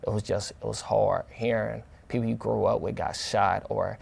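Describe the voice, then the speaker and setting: Low, gravelly young man talking casually. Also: normal speed. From St. Louis area, USA. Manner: relaxed, colloquial, with many fillers and restarts. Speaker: interview guest, football player. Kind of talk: casual interview talk.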